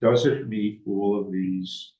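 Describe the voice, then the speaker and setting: A man's voice: fairly low pitch, fairly even intonation, slow, mellow. A man serving on a town board, making blunt, emphatic objections in a public meeting. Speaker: board member. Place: municipal meeting room. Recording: dull, distant, echoey room audio.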